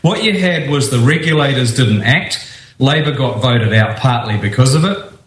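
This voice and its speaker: Brief: insistent New male radio guest, mid-pitched, echoey office. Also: lively intonation, normal speed. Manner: insistent, emphatic, many restarts. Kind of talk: talk radio interview.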